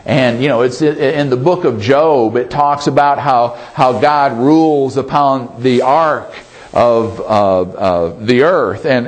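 A man delivering a church sermon at an unhurried pace. His voice sits a touch high, and he stumbles through fillers and restarts, then slows and lifts his voice to stress a point. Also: rough recording. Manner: halting, many fillers and restarts; slows and rises for emphasis. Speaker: pastor.

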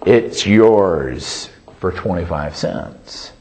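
A calm old shopkeeper, as a preacher puts him on, speaking slowly and plainly. His voice sits a little lower than the preacher's own. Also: heavily acted. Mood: matter-of-fact. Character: calm older male shopkeeper.

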